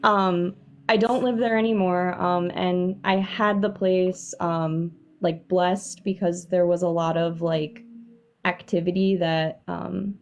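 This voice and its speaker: Woman, young adult, caller, nervous, hesitant, lots of fillers, slow pace. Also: medium pitch, darkish tone. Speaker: caller sharing a paranormal story. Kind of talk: casual storytelling on a live stream.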